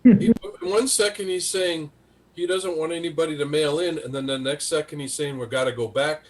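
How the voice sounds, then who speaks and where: A man's voice: on the high side, fairly even intonation, brisk. A man on a video call panel, talking bluntly and profanely, incredulous at the news. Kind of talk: casual panel chat.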